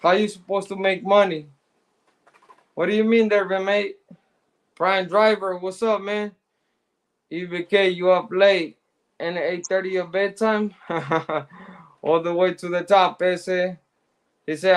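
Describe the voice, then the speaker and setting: High-voiced man hosting a laid-back stream. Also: fairly even intonation, normal speed. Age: middle-aged. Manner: laid-back street slang, shout-outs to viewers. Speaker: live show host. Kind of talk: casual chat, reading out viewer comments.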